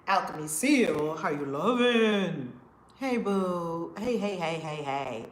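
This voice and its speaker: A woman hosting a casual livestream, greeting viewers by name in an effusive way, with big swoops in pitch and loudness. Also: lively intonation, takes it slowly, reverberant, a little hiss or hum. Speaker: livestream host.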